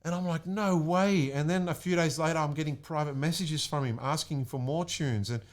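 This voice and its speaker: Excited young man telling a story. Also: fairly high pitch, fairly quick. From Australia. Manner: excited, animated, acts out quotes. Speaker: guest, music producer. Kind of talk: casual storytelling chat.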